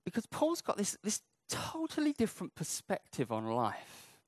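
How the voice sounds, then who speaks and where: Lively, joking male preacher. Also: high-pitched, moderate pace, no echo. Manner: humorous, conversational, acting out quotes. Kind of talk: sermon.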